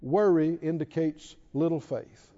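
A man preaching a sermon with animated delivery, repeating phrases and quoting scripture. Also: a little high, unhurried, lo-fi sound. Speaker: pastor.

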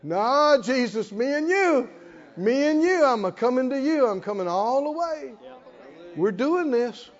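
A man preaching a fervent sermon, moving from hushed tones to shouted repetition as the congregation answers. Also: very high-pitched, animated, unhurried. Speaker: pastor. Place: church hall with congregation responding. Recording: dull hall reverb, lo-fi.

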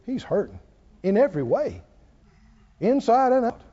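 A male pastor preaches with a very high, lively voice and talks with his listeners rather than at them. His voice rings out with a long reverb in a large hall. The recording sounds dull and muffled. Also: normal speed. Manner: preaching with animated, conversational call-and-response. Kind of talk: sermon.

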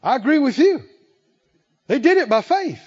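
A male preacher giving a sermon to a congregation, animated and playful, often laughing and acting out scenes. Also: very high-pitched, normal speed, lo-fi sound. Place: church service with congregation.

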